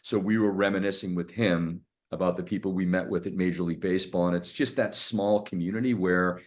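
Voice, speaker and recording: A man's voice: low-pitched, fairly even intonation, fairly quick. A middle-aged man from the area, a guest in a casual podcast interview, talking candidly with frequent restarts from a hotel room. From Boston area, USA. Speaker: guest, sales executive.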